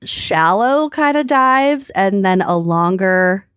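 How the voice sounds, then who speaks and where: Casting: Minnesotan woman podcast co-host, slow unhurried delivery, dry close mic, laughs a lot. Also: mid-range voice, expressive, fairly bright tone, clean tone, no room sound. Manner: laughs often, swears casually. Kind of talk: casual chat.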